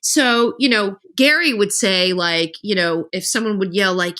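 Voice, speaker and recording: A middle-aged woman talking casually as a guest author on a podcast, telling animated stories and acting out the lines of other people. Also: medium pitch, measured pace. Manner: animated storytelling, acts out quoted dialogue.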